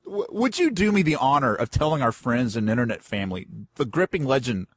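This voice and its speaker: Husky podcast host who stutters. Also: male voice, mid-range voice, sing-song, brisk. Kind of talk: casual podcast chat.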